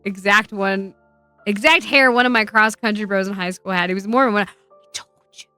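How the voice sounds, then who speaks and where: A woman's voice: mid-range voice, a little fast, sharp tone, clean tone, soft background music. A young woman streamer rambling in casual chat, swearing often and laughing as she talks. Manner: laughs a lot while talking. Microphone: wearing earbuds.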